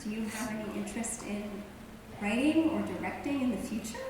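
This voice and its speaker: A woman's voice: a little high, brisk, a little mellow. A woman moderating a fan panel, asking friendly, playful questions. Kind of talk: hosting a fan Q&A. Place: large convention hall. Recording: echoey hall from far off, noisy.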